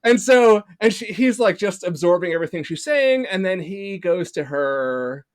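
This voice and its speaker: A man's voice: high voice, animated, moderate pace, no echo. A man hosting a podcast tells a long, meandering story about himself. He laughs at his own expense and swears casually. The sound is dry and close-miked, with no room in it. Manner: rambling, self-deprecating, swears casually. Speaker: podcast host.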